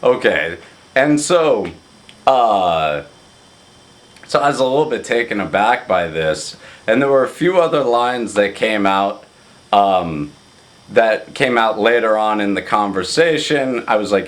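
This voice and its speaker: A man gives a rehearsal dinner toast at an unhurried pace. He halts often, filling the gaps with ums and uhs. His voice sits slightly low. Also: expressive. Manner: halting, with many fillers and restarts. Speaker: best man giving a toast.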